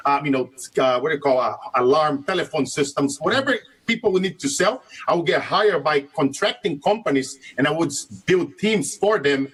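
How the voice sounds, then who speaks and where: A Brazilian-accented man in his thirties tells his story as an interview guest, laughing often and bending English grammar as he goes. His voice sits a touch high for a man and carries a husky, breathy edge. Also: rough recording. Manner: animated, laughs often, non-native grammar. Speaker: guest, sales and life coach.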